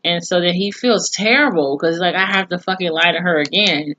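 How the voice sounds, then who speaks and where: Low-voiced woman recapping an episode. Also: fairly quick, bright, forceful tone, highs cut off, slight background noise. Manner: profane, chatty storytelling with asides. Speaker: TV series reviewer.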